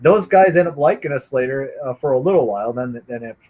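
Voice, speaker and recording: A man's voice: medium pitch, animated, fast talker, narrow, tinny audio. A man telling childhood stories in casual chat, acting out the voices of the people in them. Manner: acts out voices in his stories, loud whoops. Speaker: storyteller on a stream. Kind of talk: casual chat, animated storytelling.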